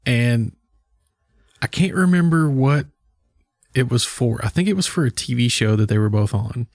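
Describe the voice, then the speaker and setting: A man co-hosting a podcast, casually telling a story with halting pauses. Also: medium pitch, lively intonation, darkish tone, dry recording, studio quality. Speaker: podcast co-host. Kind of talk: casual chat.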